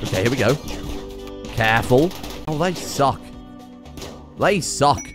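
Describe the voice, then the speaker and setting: A young man giving excitable, sarcastic let's-play commentary and laughing often. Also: mid-range voice, measured pace, over music. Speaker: gaming channel host.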